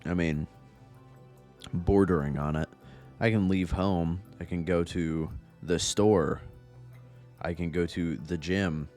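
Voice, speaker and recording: A man's voice: low-pitched, steady tone, slow, long pauses, darkish tone, soft background music. A young man giving casual, rambling gameplay commentary from home, profane and self-mocking. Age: young adult. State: a bit out of breath. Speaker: gaming YouTuber.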